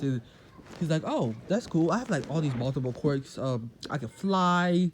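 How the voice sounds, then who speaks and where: A man casually telling an imagined fan story, rambling along with lots of "like" and quick quoted lines. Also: on the high side, animated, slight background noise.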